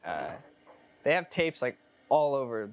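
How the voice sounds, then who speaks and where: A man's voice: medium pitch, sing-song, unhurried. A man telling a story in an interview, swearing freely and acting out the voices of the people in it. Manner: profane, acts out voices in anecdote. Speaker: interviewee, tape collector. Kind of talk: animated storytelling.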